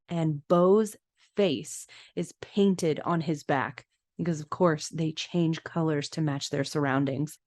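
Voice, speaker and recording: A woman's voice: fairly low pitch, darkish tone, no echo, studio quality. A woman hosting a casual podcast, narrating film scenes in detail with chatty asides. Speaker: podcast host.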